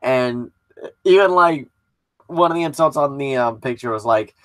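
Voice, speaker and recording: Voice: medium pitch, lively intonation, moderate pace. A wrestling show commentator giving a casual recap and opinion, passionate and blunt, with some swearing.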